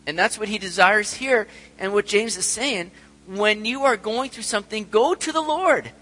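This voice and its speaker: High bright-voiced guy preaching, earnest, big hall echo and a faint hum. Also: normal speed. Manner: earnest, acts out quoted prayers and voices. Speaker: pastor. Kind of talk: sermon.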